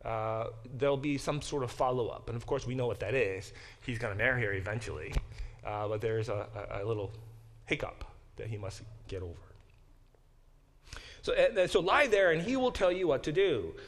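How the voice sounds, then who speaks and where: A man's voice: medium pitch, moderate pace. A man teaching a Bible class in a conversational lecture style, often acting out quoted speech and restarting his sentences. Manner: animated, acts out quoted speech.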